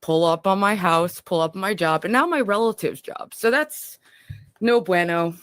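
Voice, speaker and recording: A woman's voice: lowish voice, normal speed, a bit bright, smooth, no room sound, studio quality. A woman talking casually on her livestream, scattered and rambling.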